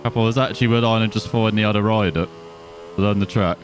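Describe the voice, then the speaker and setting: Over faint background music, a man with a fairly low, steady voice talks fast while playing a racing game. As a gaming video host, he's chatty, pokes fun at himself, and gets distracted easily.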